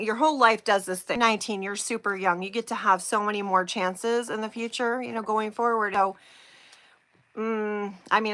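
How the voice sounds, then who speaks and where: A woman hosting a casual live stream, chatting and giggling with viewers while slowly reading out oracle card phrases. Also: fairly high pitch, bright, forceful tone.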